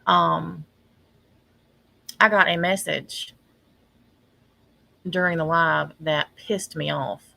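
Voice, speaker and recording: A woman's bright, gravelly voice, full of vocal fry, in an exasperated rant for her livestream. She talks slowly and stops often to say um. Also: sits low, steady tone, no room sound, low-quality recording. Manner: exasperated ranting with frequent ums and pauses. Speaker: online commentator. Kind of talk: casual livestream commentary.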